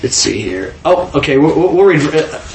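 A man's voice: fairly high pitch, very animated, moderate pace, echoey room, background noise. A man leading an informal Bible study, asking the group questions and often repeating words as he thinks.

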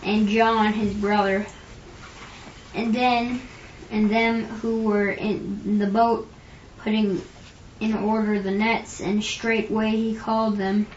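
A woman reading a scripture passage aloud in a measured, even way. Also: medium pitch. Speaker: scripture reader. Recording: dull, roomy recording with faint noise.

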